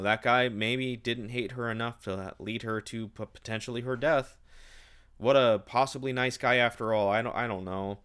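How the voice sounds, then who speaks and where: A man's voice: lowish voice, a bit bright, clean tone. A man recapping a novel in a casual, sarcastic and exasperated rant. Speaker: book reviewer.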